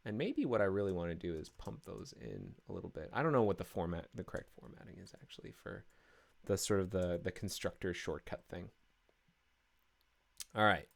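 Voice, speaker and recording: A man's voice: sits low, a little fast, creaky. A man live-streaming his coding work, talking through each step casually with many fillers and restarts.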